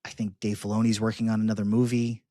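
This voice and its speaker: Male podcast host, low voice, stop-start casual delivery, dry close recording. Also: level tone, dark tone, no echo. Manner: halting, many restarts and fillers. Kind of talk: casual chat.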